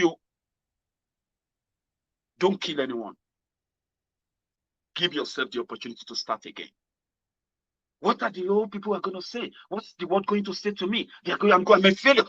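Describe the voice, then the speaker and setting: A man with a Nigerian accent, mixing in Pidgin, giving a casual motivational monologue as a host. He swings from loud exclamations to low murmurs. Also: moderate pace, long pauses, dry recording. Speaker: political commentary host. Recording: dull lo-fi sound.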